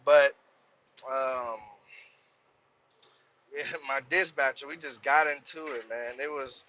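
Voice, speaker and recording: A man's voice: mid-range voice, slow, muffled recording. A young man, a truck driver, telling a profane, heated story about his work in a casual rant. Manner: profane, animated, heated when quoting himself.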